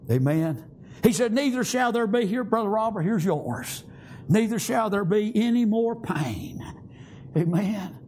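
A man's voice: high voice, a little hiss or hum. An older man preaching a fervent sermon, repeating praise God and amen in folksy phrasing.

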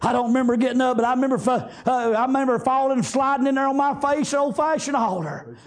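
A preacher, delivering a fervent sermon in a chanting rhythm, often breaking into shouts. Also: male voice, very high-pitched, fast.

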